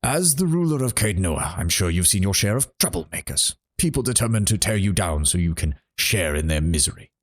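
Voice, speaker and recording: A man's voice: low-pitched, animated, a little fast, few pauses. A man reading aloud the lines of a brutal-tempered lord who is haughty and dismissive.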